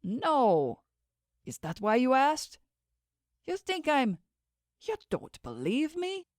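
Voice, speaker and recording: A woman's voice: high-pitched, wildly swooping pitch, slow pace, no echo, studio quality, voice pushed up, exaggerated voice. A woman voicing an injured young man who talks groggily with slurred words, read in an audiobook. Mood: groggy.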